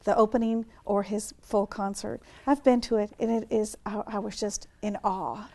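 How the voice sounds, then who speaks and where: An American woman hosts a relaxed interview, her voice dark and mellow at a middling pitch. She keeps her guest going with steady murmurs of agreement and brief, admiring remarks. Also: moderate pace. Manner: supportive, affirming with frequent backchannels. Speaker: interviewer host.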